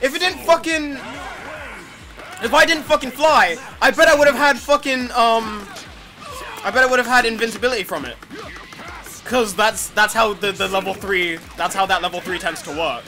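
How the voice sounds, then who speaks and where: A man playing a fighting game with a friend, swearing loudly, complaining and laughing in casual chat. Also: very high voice, moderate pace. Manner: loud, swearing, frustrated and laughing. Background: game music.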